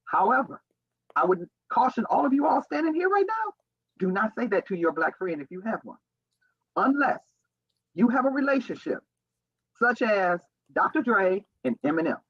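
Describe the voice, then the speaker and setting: Give me a man lecturing a crowd with warnings, his voice high and husky and his pitch full of swings. The sound is dry and low-fidelity. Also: big pitch swings, moderate pace, no echo, lo-fi sound. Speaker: speaker addressing an audience. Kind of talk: public speech.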